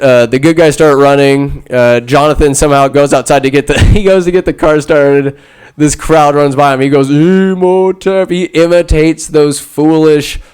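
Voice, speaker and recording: A man hosting a podcast, recapping a film in a rambling, sarcastic comic style with loud asides. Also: mid-range voice, clear, resonant tone. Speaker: podcast host. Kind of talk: comedic movie recap.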